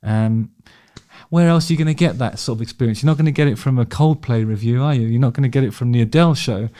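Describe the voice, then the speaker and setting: A man's voice: mid-range voice, fast talker, dark tone. A man giving casual, opinionated commentary while reacting to concert footage, swearing freely and restarting his sentences. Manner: chatty, swears freely, frequent restarts, laughs along.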